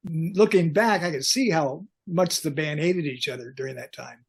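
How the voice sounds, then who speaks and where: Gravelly older man telling backstage stories. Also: fairly high pitch, moderate pace. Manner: animated anecdotes, acts out quoted lines. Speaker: guest, concert pyrotechnics designer. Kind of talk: storytelling in a podcast interview.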